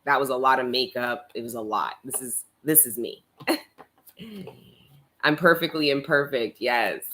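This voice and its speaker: Young woman, deep voice, casual live tarot reader, chatty and frank. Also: a little slow, bright, forceful tone. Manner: chatty, laughs often, reads out chat comments; swears casually. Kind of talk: live-stream tarot reading.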